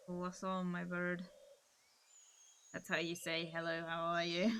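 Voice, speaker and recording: A woman's voice: fairly low pitch, fairly even intonation, takes it slowly, long pauses, slight background noise. A woman with a Cornish accent, chatting casually on a gaming live stream, giggling often and rambling.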